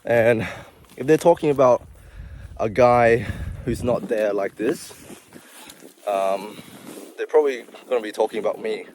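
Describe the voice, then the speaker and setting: With a medium pitch, an unhurried pace, and frequent pauses, a young healthcare worker talks breathlessly and confessionally to his viewers in a slightly mellow voice. His casual vlog rambles with many asides, and there's slight background noise.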